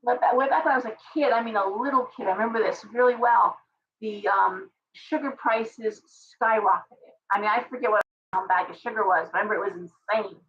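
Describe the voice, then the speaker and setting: A middle-aged woman hosting a casual livestream tarot reading, chatty and ranting with animated asides. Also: fairly high pitch, brisk, distant mic, muffled recording. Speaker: tarot reader and live stream host.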